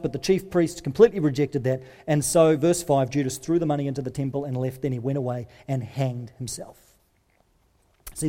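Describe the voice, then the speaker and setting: Earnest preacher in a reverberant hall. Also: male voice, fairly high pitch. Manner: earnest, swings from emphatic to hushed. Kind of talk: sermon. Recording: long reverb of a large hall.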